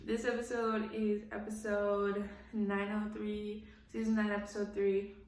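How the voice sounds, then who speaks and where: Young woman vlogger, candid and foul-mouthed, slow easy pace, recorded in an echoey room. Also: mid-range voice, completely flat delivery, a little mellow. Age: young adult. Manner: candid, profane, laughs often, blunt opinions. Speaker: reality TV recap vlogger. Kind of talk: casual recap commentary.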